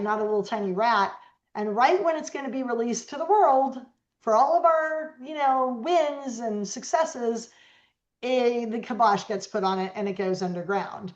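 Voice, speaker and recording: A middle-aged woman guest telling stories in an interview, animated and acting out the voices of the people she quotes. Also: fairly high pitch. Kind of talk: storytelling interview talk. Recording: echoey, dull lo-fi sound.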